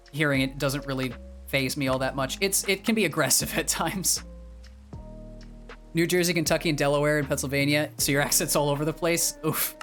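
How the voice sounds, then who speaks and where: A man's voice: a little high, a bit bright. Young male streamer from the Northeast US, casual chat, rambling with lots of fillers, faint background music. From northeastern US, near Boston. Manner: rambling, with many fillers and restarts.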